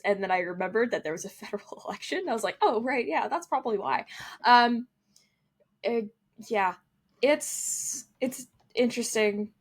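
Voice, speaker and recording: A woman's voice: mid-range voice, normal speed. A young adult woman co-hosting a casual sports podcast, joking and ranting with frequent laughter. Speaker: podcast co-host.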